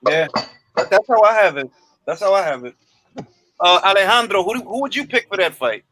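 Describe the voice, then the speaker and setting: A man's voice: high-pitched, expressive, brisk, noisy background. A man hosting a casual boxing talk show, with slangy banter. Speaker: host. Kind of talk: casual chat.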